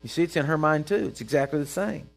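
A man's voice: on the high side, fast, creaky. A man preaching a sermon in a conversational way, checking in with his listeners and acting out Bible characters. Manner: acts out Bible characters in quoted voices.

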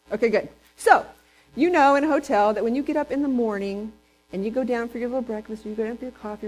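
A woman from Texas, preaching a sermon in a lively storytelling way and asking the congregation questions. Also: on the high side, low-quality recording. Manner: lively storyteller who acts out quotes and asks the congregation questions.

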